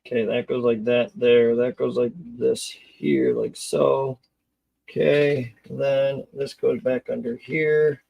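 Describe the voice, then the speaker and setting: A man's voice: medium pitch, takes it slowly, vocal fry, dull audio. A man chatting casually on a live stream while he repairs a model car, rambling, joking and muttering to himself as he works.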